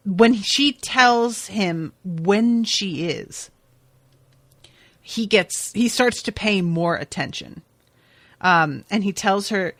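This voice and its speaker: A woman podcast host casually recapping a TV episode, chatty and expressive, swearing now and then. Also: mid-range voice, takes it slowly, no echo.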